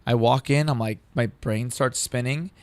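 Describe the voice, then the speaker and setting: A man in his thirties, a comedian, telling a story in casual talk, profane and animated, acting out what others said. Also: medium pitch, normal speed, smooth, no echo. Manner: animated, profane, acts out quoted dialogue. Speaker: comedian guest.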